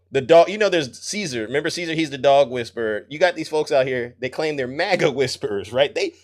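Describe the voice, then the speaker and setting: A man giving animated live-stream commentary who laughs often and speaks straight to his viewers. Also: a little high. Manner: excitable, laughs often, addresses the audience directly.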